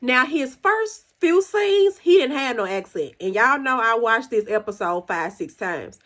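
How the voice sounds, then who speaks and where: A woman hosts a solo podcast, casually reviewing a TV episode, recounting scenes and sharing her opinions. Her fairly bright voice swings widely in pitch at an unhurried pace, jumping higher when she acts out quoted characters.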